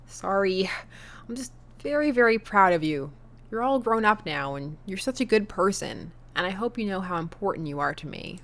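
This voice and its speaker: Gentle middle-aged dad in a dating game, soft and sentimental, read by a woman. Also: mid-range voice, expressive, normal speed. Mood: tearful.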